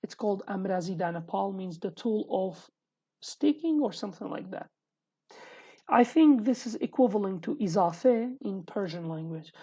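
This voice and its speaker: Her voice is medium in pitch, mellow and a little breathy, with lively intonation, as she teaches a casual online language lesson. She explains patiently, repeating each word and pausing often; the home recording is dull and lo-fi.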